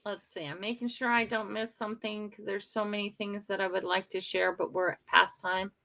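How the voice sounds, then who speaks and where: A woman's voice: medium pitch, little pitch movement, moderate pace, gravelly, sharp tone. An older woman hosting a casual morning livestream, chatting emotionally and talking straight to her viewers. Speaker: livestream host.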